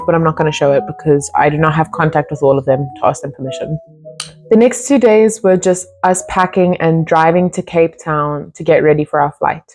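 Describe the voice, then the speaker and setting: A young woman with a South African accent chats through a casual storytime vlog, rambling and circling back with plenty of fillers. Her voice sits a little low for a woman. Faint music plays softly behind her. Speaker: vlogger.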